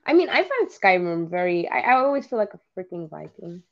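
A woman chatting casually as podcast co-host, breaking in with quick remarks. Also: fairly low pitch, big pitch swings, muffled recording. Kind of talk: casual chat.

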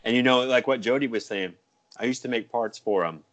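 A man from the United States co-hosting a casual podcast, animated and swearing freely. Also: mid-range voice, a little fast. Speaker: podcast co-host.

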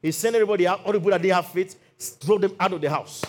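A man's voice: sits high, very fast, slight background noise. A male pastor preaching a sermon, telling Bible stories with acted-out quotes and calls for amen. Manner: animated storytelling, acts out Bible quotes.

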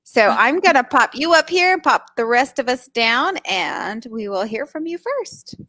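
A woman co-hosting a casual chat show on a video call, talking with quick asides. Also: high voice, very animated, sharp tone, dry recording. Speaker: podcast co-host.

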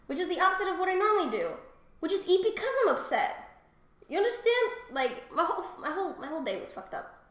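A woman with a slightly high voice chats casually on a podcast, rambling through crude stories with plenty of fillers and laughter. She coughs now and then from a recent cold, and the room around her rings with echo. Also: sing-song, brisk, pauses often. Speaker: podcast co-host. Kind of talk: casual chat.

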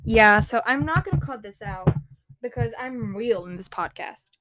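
A young woman hosting a casual solo podcast, ranting loudly with swearing and sudden screams while tidying her room. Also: fairly high pitch, lively intonation, moderate pace, a crowd in the background. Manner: swearing, loud outbursts and screaming. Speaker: podcast host.

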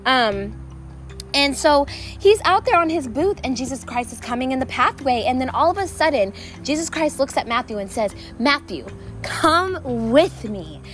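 A woman's voice: sits high, lively intonation, moderate pace, fairly bright tone. A woman hosting a casual faith podcast outdoors, chatty and enthusiastic, with many fillers. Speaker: podcast host. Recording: music playing underneath.

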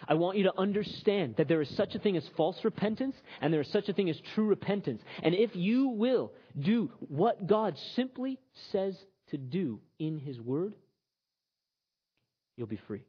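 A man preaching a sermon in a conversational, animated way, slipping into characters to tell stories. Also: high-pitched, moderate pace, slightly rough. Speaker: pastor. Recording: slightly muffled recording.

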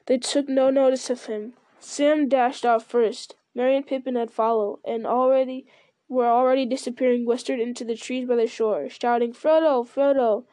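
A woman reading a fantasy novel aloud in a steady storytelling manner, with occasional slips. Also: a little high, normal speed, dry recording. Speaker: reader.

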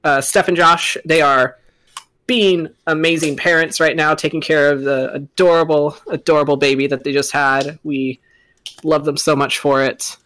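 A man acting as dungeon master, chatting casually with his players on a stream. His voice sits a little higher than most men's, and he delivers housekeeping news in a light, joking manner. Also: fairly even intonation, normal speed, pushed and bright. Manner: joking, easygoing announcements.

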